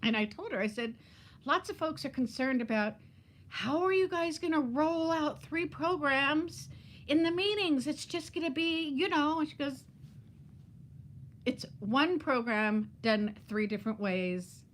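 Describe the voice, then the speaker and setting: A woman's voice: sits high, normal speed, a little hiss or hum. A woman in her fifties chatting casually on a live stream, laughing often and greeting viewers by name. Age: 50s. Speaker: vlogger hosting a live chat.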